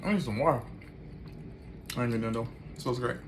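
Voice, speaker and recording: A man's voice: medium pitch, brisk, noisy background. A man animatedly telling a personal story in loose, slangy talk, acting out every line of the dialogue himself.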